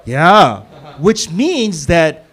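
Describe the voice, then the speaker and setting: Punning stand-up comic, lively-voiced man. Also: a little high, extremely slow. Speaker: stand-up comedian. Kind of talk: stand-up comedy set. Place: comedy club stage with live audience.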